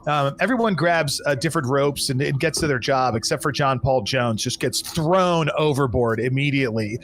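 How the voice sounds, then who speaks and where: A man's voice: mid-range voice, a bit bright, a little hiss or hum. A man running a live tabletop pirate game as game master, explaining rules and narrating a storm with restarts and fillers. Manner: rambling, restarts and fillers, brisk rules talk.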